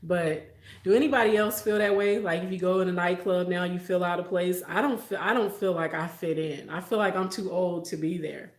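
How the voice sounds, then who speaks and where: A brisk, steady-toned young adult woman with a voice on the low side hosts a late-night live stream. Between frequent laughs she tells stories about growing up and reads comments from her viewers, recorded in an echoey space.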